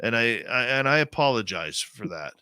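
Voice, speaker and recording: A man's voice: medium pitch, very animated, normal speed, bright, forceful tone, clean tone. A man hosting a late-night radio show, talking with passion and stressing his points with a repeated "okay?".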